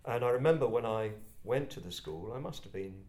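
An older English man from Kent telling personal stories to a group in a reflective, halting, self-deprecating way. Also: mid-range voice, animated, a little mellow. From England, Kent. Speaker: speaker addressing a group. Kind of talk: personal storytelling talk. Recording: roomy echo.

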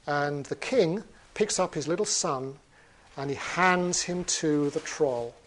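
Relaxed male Buddhist storyteller. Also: fairly high pitch, takes it slowly, slight background noise. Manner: relaxed, many "uh" fillers, chuckling. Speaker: Buddhist teacher. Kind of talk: storytelling dharma talk.

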